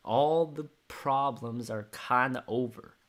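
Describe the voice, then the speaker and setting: A man reading a screenplay aloud in a casual way, excitable and choked up, often restarting his sentences. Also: medium pitch, slow pace. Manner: excitable, emotional, with frequent restarts. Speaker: screenplay reader and commentator. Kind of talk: casual script read-through with commentary.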